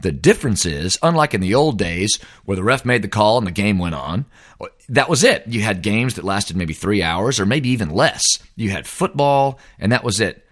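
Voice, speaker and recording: A middle-aged man delivers a sports opinion monologue. His voice swings widely in pitch as he rants, sounding exasperated and emphatic. He stays blunt and heated throughout. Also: lively intonation, moderate pace, fairly bright tone. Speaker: host.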